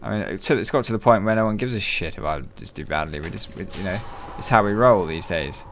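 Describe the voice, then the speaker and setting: A man giving profane, excitable, joking let's-play commentary. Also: on the low side, fast talker, slight background noise. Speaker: gaming channel host.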